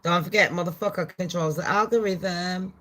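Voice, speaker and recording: A woman giving swearing, animated gossip commentary on her channel. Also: fairly low pitch, moderate pace. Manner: animated, swearing, laughing asides. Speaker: commentary vlogger.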